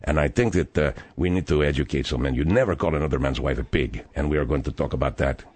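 A man with a Spanish accent hosting a radio talk show, rambling and halting through his thoughts with many fillers and stammers. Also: extremely low pitch, darkish tone, slightly rough, no room sound. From abroad, moved to America. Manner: halting, stammering, full of fillers and drifting tangents.

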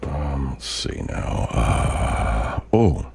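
A man's voice: very deep voice, big pitch swings, very slow, creaky, a little mellow, breathy edge. Profane rambling man in his sixties. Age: 60s. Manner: profane, rambling, full of restarts. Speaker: podcast host. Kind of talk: casual rambling monologue.

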